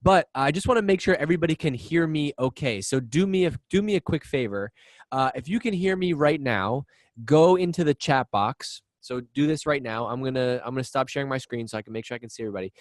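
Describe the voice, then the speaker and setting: A man hosting a live webinar over a video call, talking fast and excitedly with lots of restarts. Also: mid-range voice, no echo. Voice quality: excitable, rapid, restarts often. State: out of breath. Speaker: webinar host. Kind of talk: energetic live webinar chat. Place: office in Boston.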